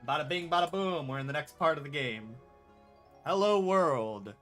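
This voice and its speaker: A man's voice: fairly high pitch, expressive, normal speed, fairly bright tone, soft background music. A young man casually commenting on his gameplay, laid-back and rambling, swearing now and then. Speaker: gaming streamer.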